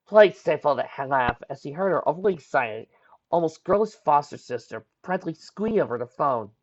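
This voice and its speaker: A man reading a fan fiction chapter aloud, his voice animated and moving a lot in pitch, with the odd slip he fixes on the go. The sound is muffled and lo-fi, like a home recording. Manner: lively reading with small slips. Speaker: narrator.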